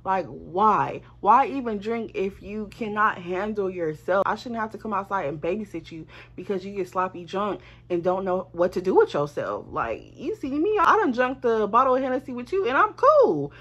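A woman's voice: mid-range voice, normal speed, few pauses, husky. Woman w/ aave ranting thru a story, swears a lot, slightly dull lo-fi sound. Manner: animated, swearing, slangy, addresses viewers as y'all. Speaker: storytime vlogger. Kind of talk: casual storytelling to camera.

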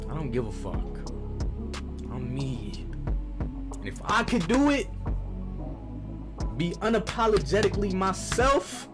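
A man, a gaming video creator, delivering a profane, theatrical comedic rant. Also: high-pitched. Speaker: gaming YouTuber.

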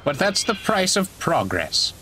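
Man putting on a pompous big engine, haughty, sniffy, grumbling, slow and swooping. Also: high-pitched, big pitch swings, background noise, pitched above the performer's own voice. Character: pompous proud big male express engine. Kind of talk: storybook voice acting.

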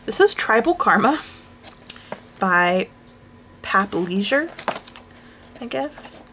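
A woman vlogger chatting casually while showing her coloring books, rambling and self-deprecating, with sighs and hushed asides. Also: medium pitch, big pitch swings, slow, slight background noise. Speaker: craft vlogger.

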